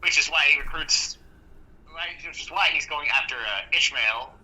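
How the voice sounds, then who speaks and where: Very bright, excitable man chatting about movies. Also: fairly high pitch, normal speed, rough recording. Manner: excitable, laughs often. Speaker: podcast co-host. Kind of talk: casual movie chat.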